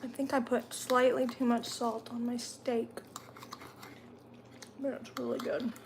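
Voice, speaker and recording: A woman's voice: a little high, level tone, measured pace, creaky, slight background noise. A woman hosting a casual live stream from home, chatting and answering viewer comments while she eats, sometimes talking through a mouthful. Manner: talks while chewing.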